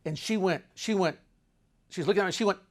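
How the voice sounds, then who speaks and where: An older man telling a travel story with dramatic, animated delivery that swings between loud and hushed. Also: high-pitched, fairly quick.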